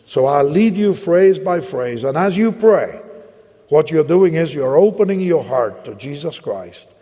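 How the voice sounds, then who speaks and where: A man preaching with a Latin American accent, telling a personal story and then slowly leading the listeners in prayer, acting out both sides of the dialogue. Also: a little high, warm tone, husky. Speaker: evangelist preacher. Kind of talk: sermon with personal story and altar-call prayer. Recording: long hall reverb.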